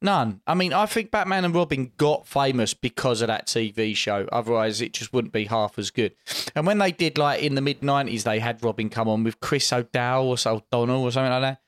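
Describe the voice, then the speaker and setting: A man co-hosting a podcast in casual chat, rambling and halting with many restarts. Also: mid-range voice, no room sound, clean studio sound. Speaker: podcast co-host.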